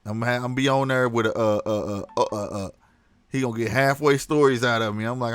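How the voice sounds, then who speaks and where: A man's voice: medium pitch, brisk, clean tone, dry recording, clean studio sound. A man hosting a casual livestream, talking animatedly to his chat, laughing often. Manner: animated, laughs a lot, reads chat aloud. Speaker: livestream host.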